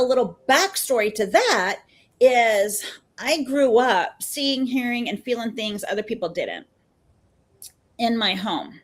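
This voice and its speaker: A woman in her fifties, a therapist, chatting as a podcast guest and telling stories in an animated way, acting out what people said. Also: fairly high pitch, measured pace. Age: 50s. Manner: chatty and animated, acts out quoted dialogue. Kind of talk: casual storytelling in a podcast interview.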